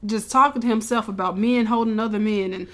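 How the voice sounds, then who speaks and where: A woman with a fairly high voice retells a movie in a casual chat. She acts out the characters' lines and laughs often. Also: steady tone, brisk, a bit bright. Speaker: podcast co-host recapping a movie.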